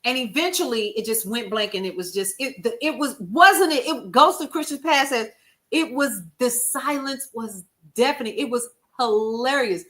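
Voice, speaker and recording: Bright, lively woman livestreaming. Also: on the high side, moderate pace. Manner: expressive, folksy, animated storytelling with chat shout-outs. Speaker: livestream host. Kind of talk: casual livestream talk to viewers.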